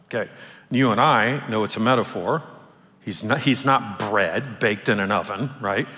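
A man's voice: fairly low pitch, moderate pace, sharp tone. A man, a pastor, preaching a sermon in a casual, conversational way with playful asides. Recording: long hall reverb.

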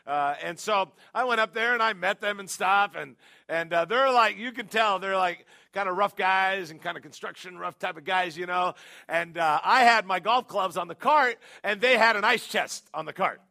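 A middle-aged man preaching, with a high, gravelly voice and a bright, forceful edge. He tells stories with punchy, excitable energy and now and then breaks into shouts. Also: normal speed. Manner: storytelling, punchy and excitable, big jumps to shouting. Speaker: pastor. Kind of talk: sermon.

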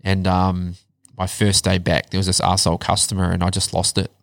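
A man telling his life story in a casual chat, blunt and animated, swearing heavily. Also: low voice, fairly quick, vocal fry, no echo. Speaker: podcast guest.

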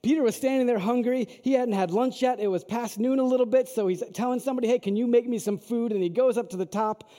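A man's voice: extremely high pitch, fast talker, hardly any pauses, warm tone. A man preaching a sermon, telling a story in a conversational way and asking the audience questions. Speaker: pastor. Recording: long hall reverb.

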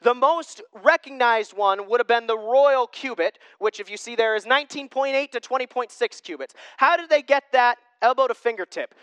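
A young male pastor preaches in a loose, conversational way, poking fun at himself between points. His voice sits high and bright, with a smooth, clean tone. The sound is dry and close, with no room behind it. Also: moderate pace, few pauses, dry recording. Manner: conversational, self-deprecating, with lively asides. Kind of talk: sermon.

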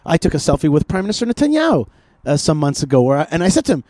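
A man talks politics on a podcast in an animated, rambling way. His voice sits a bit high, and he keeps repeating himself and restarting his phrases. The sound is dry and close, with no room echo. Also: rapid-fire. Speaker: podcast host. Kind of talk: casual political chat.

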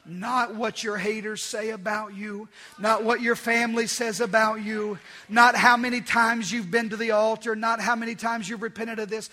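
A male pastor preaching a sermon, emphatic and repeating key phrases, swinging from loud declarations to hushed asides. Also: sits high, little pitch movement, normal speed.

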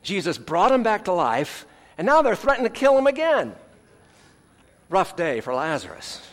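A man preaching a sermon as pastor, earnest with dramatic pauses, letting phrase ends fall soft, with folksy asides. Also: sits high, wildly swooping pitch. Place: church sanctuary. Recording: long hall reverb, church sanctuary.

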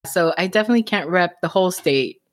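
A woman with a Miami accent talks quickly and animatedly as an author guest in a casual interview. Her voice sits a little low, and she laughs easily between thoughts. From Miami, Florida. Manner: fast-talking, animated, laughs often.

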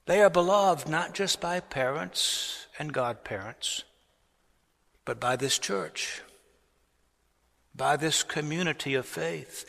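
A man preaching a sermon as a pastor, deliberate and rising to strong emphasis on key words. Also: fairly high pitch, vocal fry, a bit bright. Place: large cathedral. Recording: long cathedral reverb.

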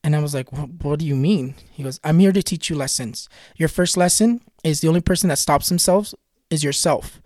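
A man's voice: fairly high pitch, a little fast, a little mellow, dry recording, clean studio sound. A man and spiritual vlogger recounting a personal experience in an earnest, confiding way. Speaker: spiritual vlogger and tarot reader. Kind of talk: personal storytelling.

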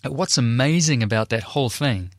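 A man's voice: medium pitch, animated, normal speed, no echo, clean studio sound. A young man earnestly telling a personal testimony in a conversational way. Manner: earnest, conversational, emotional retelling. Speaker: Christian speaker and performer.

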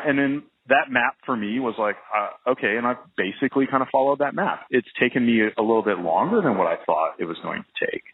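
A man's voice: low-pitched, slight background noise. A man, a professional trumpet player, talking casually in an interview, rambling with lots of fillers and restarts. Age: adult, well past early twenties. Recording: phone-like narrow band.

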